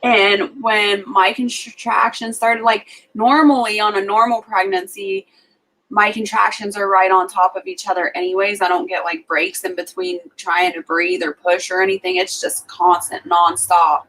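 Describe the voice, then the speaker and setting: A woman's voice: mid-range voice, little pitch movement, moderate pace, a bit bright, poor audio. Chatty young woman telling birth stories. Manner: chatty storytelling, frequent "like" fillers. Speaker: livestream co-host. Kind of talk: casual chat.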